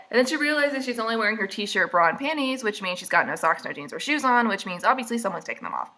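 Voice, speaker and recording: A woman's voice: mid-range voice, animated, quick pace, few pauses, bright, forceful tone. A woman recapping a book in a casual, rambling way, full of snarky, mocking asides. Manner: casual and rambling, with many fillers. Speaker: vlogger.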